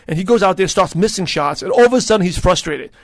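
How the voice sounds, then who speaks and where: A man in his thirties talks through a casual solo podcast in a fairly high voice. He rambles and restarts often and leans on fillers. The sound is dry and close, with no room around it. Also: animated, fast talker, vocal fry, dry recording. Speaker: podcast host.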